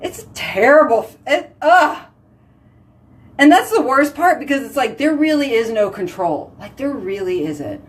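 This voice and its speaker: A woman's voice: a little high, big pitch swings, moderate pace, hardly any pauses. A chatty woman, hosting a casual live stream and talking with her viewers. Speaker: livestream host.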